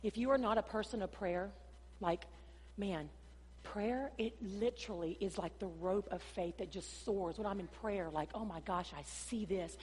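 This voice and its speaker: A woman pastor, preaching a sermon in an animated storytelling way and often calling the congregation "y'all". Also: mid-range voice, moderate pace. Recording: long hall reverb.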